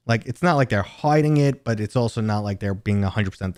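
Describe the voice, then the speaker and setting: A man's voice: fairly low pitch, quick pace, hardly any pauses, a little mellow, no room sound, clean studio sound. A man from New City, chatting casually and joking with viewers while hosting a live stream. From New York City. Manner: rambling, joking, chatty asides to chat.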